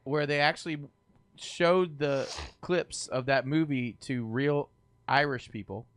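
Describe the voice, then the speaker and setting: A man's voice: medium pitch, steady tone, unhurried, fairly bright tone, smooth, no room sound. Hesitant man in casual podcast chat. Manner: hesitant, stumbles over words.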